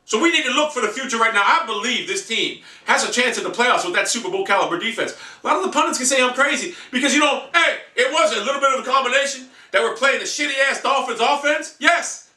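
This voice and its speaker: A man rants in a furious, profane outburst, his high voice sharp and tense. He sits back from the mic, so the room's echo rings around every word. His anger never lets up. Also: distant mic. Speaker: sports fan vlogger. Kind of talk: angry fan rant. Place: room in a house. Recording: echoey room, off-mic.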